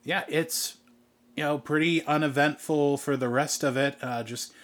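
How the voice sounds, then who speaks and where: A man's voice: fairly high pitch, steady tone, measured pace. A man narrating a tabletop game as game master in loose, casual speech. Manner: loose, filler-heavy narration.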